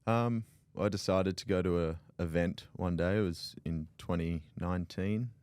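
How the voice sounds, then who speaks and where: A young man with an Australian accent, a guest on a podcast, talking in a relaxed, modest, low-key way. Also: normal speed, smooth, dry recording. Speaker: guest, mortgage broker. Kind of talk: casual podcast interview.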